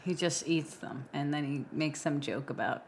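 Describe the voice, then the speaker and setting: Brief: female podcast co-host, casual chat, a bit lower voice, relaxed and agreeable. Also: moderate pace, slight background noise. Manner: easygoing, offers offbeat comparisons, chimes in with short agreements.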